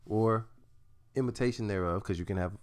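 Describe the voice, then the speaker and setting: A man's voice: fairly low pitch, fairly quick, darkish tone. A man co-hosting a casual podcast, joking. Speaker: podcast co-host. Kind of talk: casual chat.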